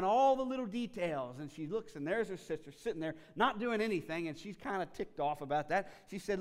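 A man preaching a sermon as a pastor, telling the story in a casual, animated way with frequent restarts. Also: high voice, brisk, hardly any pauses, big-room sound.

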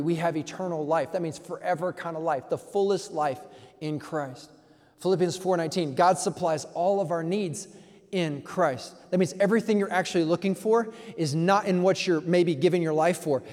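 Young male pastor, slangy, dynamic sermon delivery, slightly high voice, reverberant hall sound. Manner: energetic preaching, swings from soft to loud.

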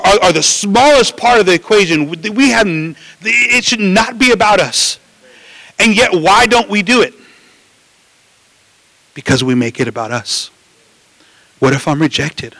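A man preaching a sermon in an animated way, with frequent restarts and asides to the listeners. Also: sits high, dry recording, poor audio. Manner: animated preaching, acts out voices, many restarts and "right?".

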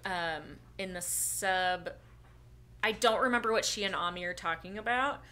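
A woman's voice: mid-range voice, normal speed, bright, forceful tone. A woman co-hosting a podcast, chatting casually in an easygoing way as she tries to recall what happened in an episode. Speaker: podcast co-host. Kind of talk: casual chat recapping an anime episode.

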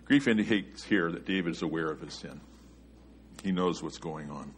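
A man preaching a sermon, earnest, his voice rising and getting louder when he quotes scripture. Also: deep voice, normal speed, a little hiss or hum.

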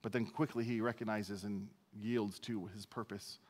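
A man's voice: on the low side, steady tone, normal speed, hardly any pauses, in a large hall. A male pastor preaching a sermon in a conversational, self-deprecating way. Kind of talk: sermon, verse-by-verse teaching.

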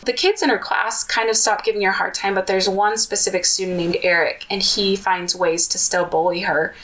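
A woman's voice: mid-range voice, steady tone, fairly quick, fairly bright tone, low-quality recording. A woman podcast host retelling a children's book in casual storytelling, adding personal asides.

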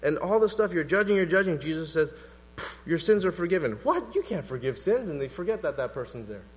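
Animated male preacher in a reverberant hall. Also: a little high, fast talker. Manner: animated, conversational preaching with acted-out quotes. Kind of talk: sermon. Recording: long hall reverb with mains hum.

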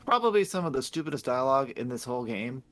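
A man on a podcast casually recapping a video game story, rambling and swearing, laughing as he acts out characters in quick paraphrase. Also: medium pitch, lively intonation, fairly bright tone, a little hiss or hum. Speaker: podcast host.

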